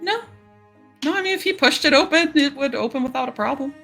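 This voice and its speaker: A woman acting as game master, narrating a tabletop game in a relaxed, hesitant way with many fillers. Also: high voice, brisk, gravelly, soft background music.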